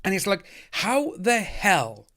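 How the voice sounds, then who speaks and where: A chatty man runs a casual livestream, upbeat and loose as he reads out viewer comments. His voice sits a little higher than most men's. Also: huge pitch swings, takes it slowly, pushed and bright. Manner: chatty, upbeat, thanks donors by name. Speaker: livestream host reading chat. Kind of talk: casual live stream chat.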